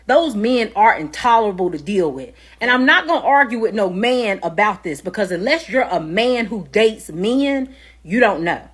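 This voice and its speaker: A woman holds forth in a casual rant, blunt and dismissive. She hammers her points with short, flat declarations in a mid-range voice. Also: medium pitch.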